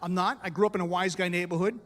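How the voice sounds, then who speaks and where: A middle-aged American man works a comedy club crowd with a punchy stand-up set and quick asides. His voice sits fairly high. A long hall reverb trails behind every line. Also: steady tone, fairly bright tone. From United States.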